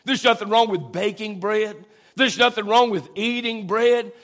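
A high-pitched male preacher delivers a sermon in church. He leans hard on his key phrases, drawing them out slowly, and mixes scripture with folksy asides to the congregation. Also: fairly bright tone. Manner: preaches with slow, drawn-out emphasis and Southern folksy asides. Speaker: pastor.

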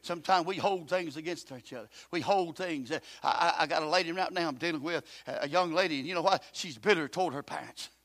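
An older man preaching a sermon, swinging from soft talk to impassioned shouting. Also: on the high side, quick pace, few pauses, dry recording.

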